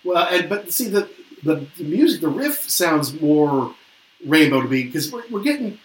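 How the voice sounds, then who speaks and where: A man co-hosting a casual album review chat muses hesitantly and often reads lyrics aloud. His voice is a little high and very animated at a moderate pace, with a roomy echo and a little hiss or hum in the recording.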